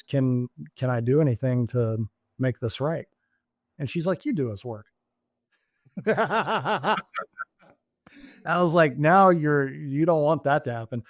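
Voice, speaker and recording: A man, a former military officer turned business executive, telling lively stories in an interview and acting out the dialogue. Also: mid-range voice, dry recording, studio quality. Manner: animated storyteller acting out dialogue. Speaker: guest, former Navy SEAL turned company executive. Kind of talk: storytelling in a casual interview.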